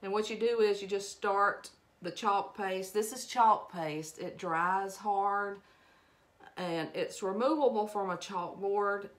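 A middle-aged woman from Alabama with a thick Southern accent talks through a craft project. She rambles in a casual, friendly way, greets her viewers and pokes fun at her own messiness. Her pitch sits right in the middle for a woman. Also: slow. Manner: chatty and rambling, greets viewers, laughs at herself. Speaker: craft live-stream host. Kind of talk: casual live-stream crafting demo.

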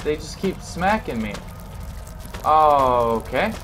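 A man's voice: on the high side, animated, slow, a bit bright, a little hiss or hum. A man commenting on a horror game he is playing, frustrated and sarcastic and swearing often. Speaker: gaming video host. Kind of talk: let's play commentary. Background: game music.

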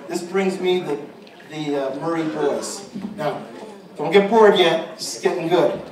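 A man with a somewhat high voice, speaking a little slowly, gives a meandering tribute as a father at a public event, with repeated words and frequent restarts. A crowd is audible in the large, echoing room. The sound is from a far-off mic, echoey and noisy.

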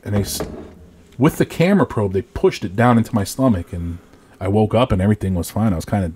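A man in his thirties from Rhode Island, co-hosting a podcast and telling a profane, animated story in casual chat. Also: on the low side, fast, slightly rough. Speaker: podcast co-host.

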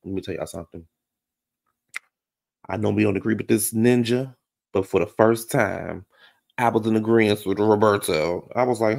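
A man's voice: on the low side, normal speed, vocal fry, long pauses, a little mellow. A man doing a casual, sassy reality show recap, gossiping and calling his listeners baby and honey.

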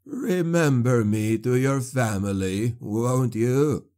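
A man's voice: mid-range voice, lively intonation, takes it slowly, mellow. A man voicing a spiteful, mocking captive sorcerer in an audiobook. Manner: sly and taunting, shrieking when enraged.

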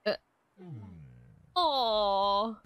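A woman's voice: medium pitch, extremely slow, a bit bright, clear, resonant tone, dry recording. A woman streamer reacting to a cartoon show, blurting exclamations and swearing casually. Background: show soundtrack playing.

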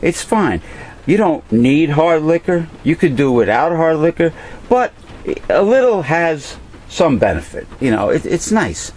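A man's voice: fairly high pitch, big pitch swings, unhurried, a little mellow. A man hosting a casual talk show, chatty and hesitant, often repeating and restarting his words. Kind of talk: casual chat.

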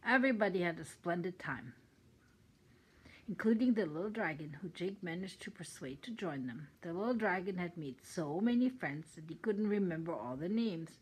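A woman's voice: lowish voice, animated, normal speed, husky, rough recording. An older woman from Germany with a German accent, reading a children's story aloud with chatty asides. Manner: chatty asides between sentences.

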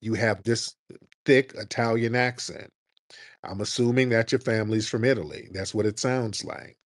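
A man's voice: fairly low pitch, fairly even intonation, normal speed, no echo, studio quality. A man hosting a call-in radio talk show, arguing with a caller in a blunt, lecturing and mocking way.

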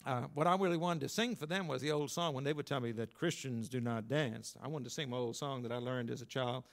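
An older man preaching a sermon as pastor, telling folksy stories and swinging between emphatic lines and quiet asides. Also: fast. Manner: folksy storytelling, rising to emphatic then dropping low.

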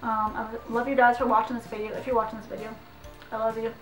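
A young woman with a fairly high voice gushes and giggles as she opens a package, leaning on "like" in nearly every sentence. She sounds a little away from the mic in an echoey room, with faint music underneath. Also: fast talker, distant mic. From Canada. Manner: excitable and giggly, heavy use of "like". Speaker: vlogger. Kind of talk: casual unboxing vlog.

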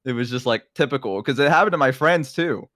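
A man's voice: medium pitch, fast, background noise. A young man with a Southern American accent, telling childhood stories in casual chat on a stream, laughing often. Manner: animated, laughs often, acts out quoted voices.

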